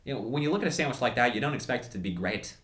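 A man's voice: mid-range voice, animated, very fast, fairly bright tone, reverberant. A young man co-hosting a casual food review, rambling with lots of fillers and restarts. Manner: rambling, many fillers and restarts, laughs at himself.

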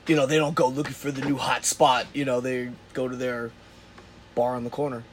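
A man's voice: medium pitch, flat delivery, a little fast, slight background noise. A man co-hosting a casual podcast, rambling with lots of fillers and crude jokes. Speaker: podcast co-host. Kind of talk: casual chat.

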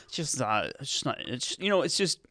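A man hosts a comedy podcast in loose, rambling chat, full of irony and quick laughs. His pitch swings widely. The recording is close and dry. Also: big pitch swings, pushed and bright, no echo. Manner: rambling, ironic, laughs often. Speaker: podcast host.

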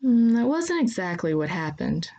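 A woman's voice: medium pitch, sing-song, normal speed, gravelly, warm tone. A woman voicing a prim, exasperated woman fighter who refuses to kill, with a huffy, fussy manner. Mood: mild. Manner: huffy and fussy, then mild.

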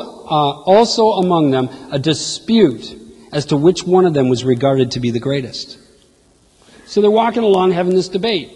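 Male preacher, conversational sermon delivery, somewhat high and husky, long hall echo. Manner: conversational, animated, talks to the congregation.

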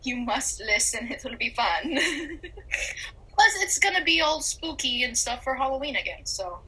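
Giggly young woman podcast cohost, really bright husky voice, gushes a lot. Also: on the high side, moderate pace, rough recording. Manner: giggly, excitable, gushing. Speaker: podcast co-host. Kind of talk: casual chat.

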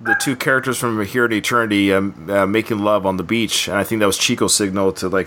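A man's voice: lowish voice, steady tone, fast, few pauses, a bit bright. A man hosting a podcast, chatting casually about a film and acting out scenes as he recounts them. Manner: chatty, laughing, acts out quotes. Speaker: podcast host.

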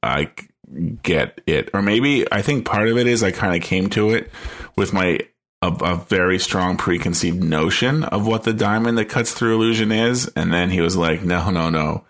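A man with a very low voice, talking loosely on a podcast. His voice is gravelly with fry, and he keeps pausing on ums and likes as he looks for what to say. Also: a bit bright. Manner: hesitant, full of ums and likes. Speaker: podcast co-host. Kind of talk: casual podcast chat.

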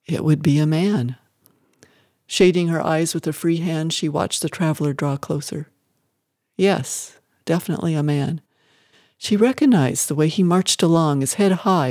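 Here a story is read aloud as a scripted audiobook, delivered with measured expression. Studio-quality audio captures the mid-range voice cleanly, without any room sound.

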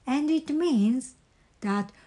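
A woman voicing a cheerful, eager male frog in a storybook read-aloud, calling out brightly. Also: high voice, lively intonation, drawn-out words, pitched above the performer's own voice, heavily acted.

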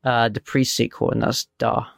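A man's voice: mid-range voice, little pitch movement, moderate pace, creaky, no room sound, studio quality. A man co-hosting a gaming podcast, chatting casually in a hesitant, self-deprecating way. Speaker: podcast co-host. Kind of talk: casual chat.

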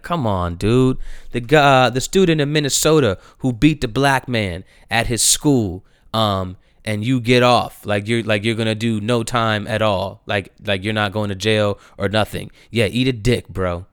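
A man's voice: clean tone, dry recording, clean studio sound. Slangy, ranting man from New Jersey. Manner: animated, swings from low mutters to loud exasperated outbursts; slangy, profane street talk. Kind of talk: casual opinion rant.

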